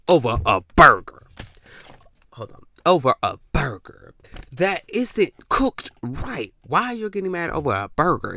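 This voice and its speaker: Slangy, rambling young man, bright voice. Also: mid-range voice. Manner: loose, rambling, emphatic with slang. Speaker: podcast host. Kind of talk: casual monologue.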